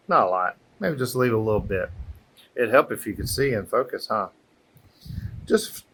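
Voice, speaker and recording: A man's voice: medium pitch, a bit bright. A man giving a casual craft tutorial on an outdoor patio, chatty and encouraging, thinking aloud as he works, recorded on a camera microphone. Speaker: airbrush artist teaching a craft.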